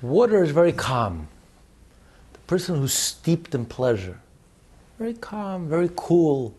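A man's voice: on the high side, a little slow, breathy edge. A man teaching on a religious text, repeating his words and telling stories with frequent laughter. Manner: repeats words, laughs often, lively storyteller.

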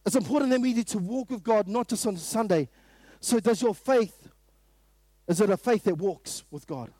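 This high-pitched New Zealander preaches at a morning prayer meeting at a moderate pace. He's emphatic, keeps repeating rhetorical questions, and now and then erupts into a loud burst. The recording is dry.

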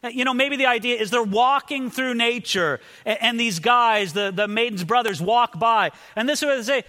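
A man preaching a sermon, animated and acting out the lines he quotes. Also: very high voice, moderate pace, few pauses, big-room sound. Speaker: pastor.

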